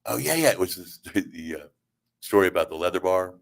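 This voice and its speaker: A middle-aged man with a very deep, low-pitched voice hosts a talk radio show from the studio. He tells comic stories in a rambling, halting way and keeps acting out the other people's lines. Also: expressive, vocal fry. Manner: rambling, halting, with acted-out quotes. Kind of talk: comedic storytelling on talk radio.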